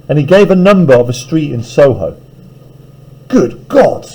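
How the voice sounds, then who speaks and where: Male teacher, lively and animated, reading to a class and explaining as he goes. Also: fairly high pitch, unhurried, long pauses, breathy edge, low-quality recording. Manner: reads aloud, then paraphrases casually.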